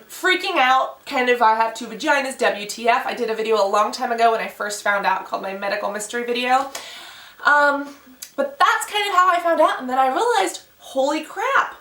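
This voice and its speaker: A young woman vlogger telling a personal story in a casual, animated way, acting out the voices of the people in it. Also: a little high, roomy sound, far from the mic.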